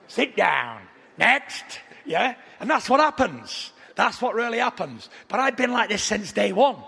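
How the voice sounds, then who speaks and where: A young adult man, a boxer trash-talking at a press conference, boastful and taunting, with a gravelly voice. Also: sits high, pushed and bright. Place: large packed press conference hall. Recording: echoey large hall.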